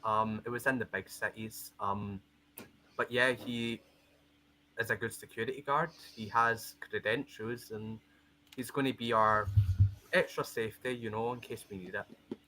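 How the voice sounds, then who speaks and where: A man's voice: on the low side, steady tone, a little slow, sharp tone, poor audio. A man acting as game master of a tabletop game, explaining things with a lot of ums and uhs. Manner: hesitant, many fillers. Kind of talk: running a tabletop game over a call.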